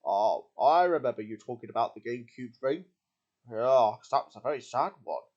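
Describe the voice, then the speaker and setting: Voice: medium pitch, expressive, darkish tone, husky. Someone voicing a dim, friendly bear puppet. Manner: hesitant, slow on the uptake. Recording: slightly dull lo-fi sound.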